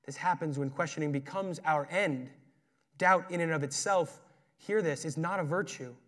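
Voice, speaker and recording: A man preaching a sermon in a conversational, earnest way, moving between emphatic and quiet passages. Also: fairly high pitch, normal speed. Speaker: pastor.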